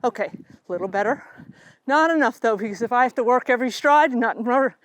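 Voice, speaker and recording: High-voiced woman coaching from horseback. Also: fast talker. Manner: calm, coaching, talks to the horse between explanations. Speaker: riding instructor. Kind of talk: instruction while riding. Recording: noisy outdoor recording.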